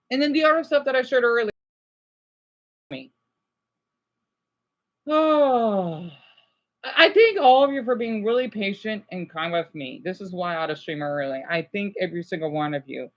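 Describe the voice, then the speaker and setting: Bright-voiced, agitated male streamer. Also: high-pitched, animated, measured pace, long pauses. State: stressed and overwhelmed. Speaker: livestreamer. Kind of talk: rambling livestream reaction commentary.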